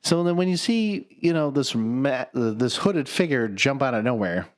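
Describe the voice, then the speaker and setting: A man co-hosting a casual movie chat, excitable and profane, often jumping into high-pitched quoted voices. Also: normal speed. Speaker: podcast co-host.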